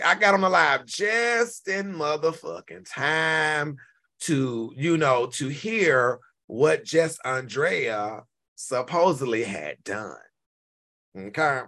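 A man in his forties hosting a casual live-stream rant, animated and profane, repeating himself and now and then breaking into shouts. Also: fairly high pitch. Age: 40s. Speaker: YouTube commentary host.

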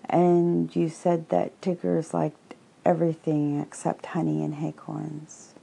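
A woman voicing a gentle, simple-minded male bear, mild and earnest, while reading a storybook aloud. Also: deep voice, monotone, slow pace, vocal fry, slightly rough, exaggerated voice.

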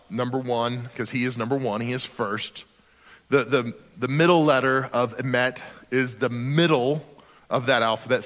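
A man's voice: mid-range voice, a bit bright, long reverb tail. A man, a pastor, preaching a sermon in a conversational, emphatic way with casual asides.

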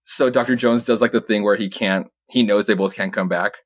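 This young man co-hosts a podcast, briskly recapping a comic book in rambling, profane fashion while laughing often and quoting characters. His voice is lowish with fairly even intonation, and there's no echo.

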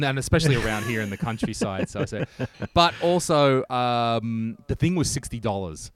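A man's voice: mid-range voice, brisk. A man, co-hosting a casual chat and telling a story while acting out the voices of the people in it. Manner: animated storyteller, acts out quoted voices.

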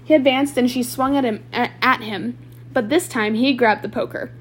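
A woman's voice: fairly high pitch, steady tone, moderate pace, husky. A woman reading a novel aloud chapter by chapter, with small slips and restarts. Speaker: audiobook reader.

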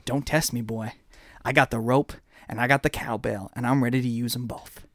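A man voicing a swaggering cowboy wrestler in low, drawling, threatening trash talk. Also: fairly even intonation, normal speed, dry recording, studio quality, natural voice. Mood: taunting. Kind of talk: wrestling promo.

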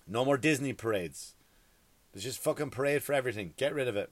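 A man's voice: mid-range voice, normal speed, pauses often, no echo. A man, a stand-up comedian, delivering a profane, exasperated comedy rant. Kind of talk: ranting comedy monologue.

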